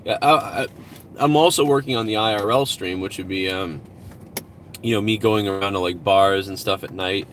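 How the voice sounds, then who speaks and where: A man's voice: sits low, a bit bright, slight background noise. Profane, rambling man hosting a stream. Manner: rambling, profane, reads out donations. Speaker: live-stream host. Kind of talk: casual live-stream chat.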